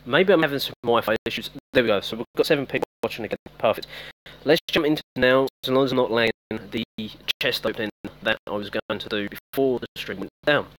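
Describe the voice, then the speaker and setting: A man's voice: mid-range voice, quick pace, fairly bright tone. A man giving casual live-stream commentary on a mobile game, chatting with viewers by name. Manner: chatty, talks to viewers by name, self-teasing.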